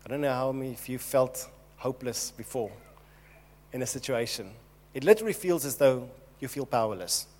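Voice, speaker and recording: A man's voice: medium pitch, darkish tone. A man preaching a sermon, earnest and emphatic, speaking directly to his congregation. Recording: long hall reverb.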